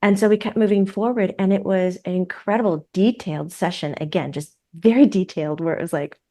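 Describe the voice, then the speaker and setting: A woman's voice: medium pitch, fairly quick. Woman telling stories as a podcast guest. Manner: animated, acts out the voices of people in her stories. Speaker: psychic medium and podcast guest. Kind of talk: conversational storytelling.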